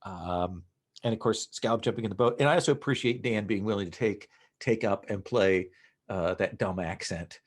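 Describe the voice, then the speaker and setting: A man's voice: lowish voice, normal speed. A man giving hesitant, stammering feedback to fellow players after a tabletop game. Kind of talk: casual post-game feedback.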